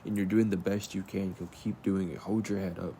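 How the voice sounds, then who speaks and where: A man's voice: sits low, flat delivery, brisk, dark tone, slight background noise. A man giving an earnest, rambling spiritual pep talk, speaking straight to the viewer in a soothing, repetitive way. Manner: earnest, rambling, repeats himself. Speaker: spiritual reader.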